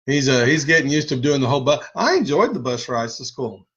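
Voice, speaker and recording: A man's voice: medium pitch, lively intonation, fairly quick, fairly bright tone, breathy edge. Earnest rambling man, lo-fi. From Texas. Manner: earnest, rambling, swears casually. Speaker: cannabis channel host. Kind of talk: casual chat. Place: home video studio. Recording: slightly dull lo-fi sound.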